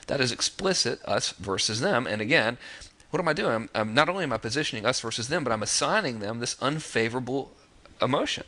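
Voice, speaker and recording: A man's voice: fairly low pitch, fairly quick, creaky, pushed and bright. A man in his thirties giving a casual spoken lesson on marketing copy, talking loosely with fillers and restarts and acting out quoted lines. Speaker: marketing course instructor. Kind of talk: casual spoken lesson walking through sales letters.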